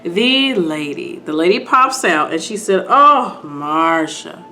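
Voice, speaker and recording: A woman vlogger retelling a TV episode to her viewers in a casual, animated way while doing her makeup. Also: medium pitch, a little slow, slight background noise. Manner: animated, talks to viewers, acts out scenes.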